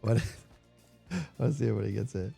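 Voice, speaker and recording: A man streaming a video game live, chatting casually with viewers and yelling playfully at the enemies on screen. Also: fairly low pitch, a little fast, gravelly, slightly rough, faint music behind. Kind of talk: casual live gameplay commentary.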